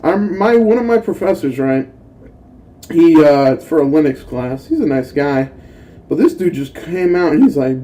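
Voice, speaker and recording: A young adult man hosting a mobile game channel, telling profane, animated stories in casual gaming commentary. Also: a little high, normal speed. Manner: profane, animated storytelling rant.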